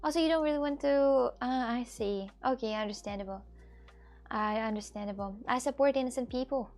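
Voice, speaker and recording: Chatty woman with a gravelly edge, music behind. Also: on the high side, a little mellow. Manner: halting, many fillers and restarts. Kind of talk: casual chat reading viewer messages.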